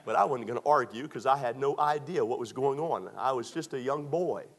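Male preacher, 60s, mid-pitched, folksy and lively in the pulpit. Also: brisk. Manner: lively preaching, reads scripture aloud, folksy storytelling. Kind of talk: sermon.

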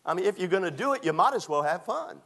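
A man, preaching a sermon that moves between lively scripture reading and folksy storytelling. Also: sits high, quick pace, vocal fry.

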